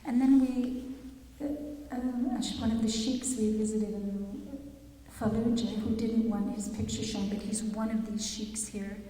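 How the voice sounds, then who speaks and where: A woman's voice: a little high, fairly even intonation, dark tone, far from the mic. Earnest woman speaking in an echoey chapel. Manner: earnest, measured, with pauses and restarts. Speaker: speaker at a public talk. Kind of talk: reflective public talk reading quotes. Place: large chapel.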